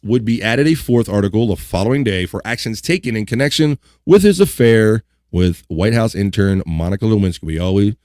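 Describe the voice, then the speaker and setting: A man's voice: lowish voice, fairly quick, few pauses, dry recording, studio quality. A man hosting a live online talk show, chatting casually and reading out history items with joking asides. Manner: relaxed, joking asides, reads items aloud. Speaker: livestream host.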